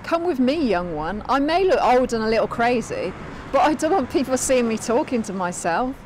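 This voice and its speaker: A soothing, motherly older psychic, with a fairly high voice. She talks kindly and calmly, with faint noise behind her. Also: moderate pace, low-quality recording. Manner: soothing, calls others child.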